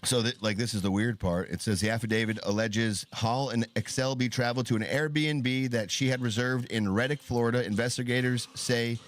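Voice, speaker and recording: A man's voice: mid-range voice, steady tone, fairly quick, few pauses, soft background music. Man casually riffing on weird news. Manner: reads news aloud, then riffs and jokes. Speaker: podcast co-host. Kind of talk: casual comedic news chat.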